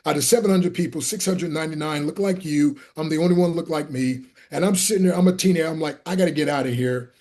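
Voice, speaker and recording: A middle-aged American man tells his stories in a fairly high voice and acts out everyone in them. He sometimes breaks into shouts. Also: quick pace, few pauses. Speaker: guest speaker. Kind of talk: animated storytelling.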